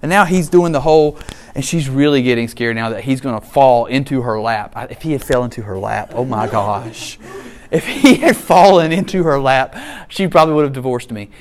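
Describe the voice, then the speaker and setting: A man's voice: medium pitch, moderate pace. A middle-aged man preaching a sermon, telling stories with humor and asides. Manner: animated storytelling with humor and asides. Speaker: pastor.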